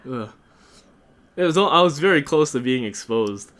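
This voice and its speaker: A man's voice: mid-range voice, moderate pace. Rambling casual man on a podcast. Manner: rambling, many "like" fillers, animated storytelling. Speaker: podcast co-host. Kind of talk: casual chat. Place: home in Japan.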